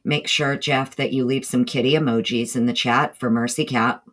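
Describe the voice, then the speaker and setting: Speaking at a moderate pace with a steady, fairly bright tone over a rumbling low pitch, a northeastern U.S. woman with a Southern drawl hosts a casual livestream. She's chatty and stops between thoughts to greet chat members by name.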